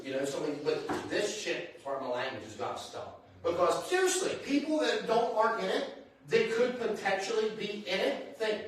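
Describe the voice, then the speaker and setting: A man with a higher-pitched, lively voice hosts a live show at a fairly quick pace, chatting loosely with guests and filling gaps with asides. He rambles in a chatty way, often saying "you know what I mean." The recording sounds distant, in a very echoey hall.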